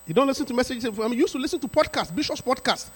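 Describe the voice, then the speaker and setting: A pastor preaching a sermon to his congregation, emphatic and repetitive, with sudden rising shouts. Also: very high-pitched, expressive, rapid-fire, breathy edge. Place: church sanctuary. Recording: reverberant church hall.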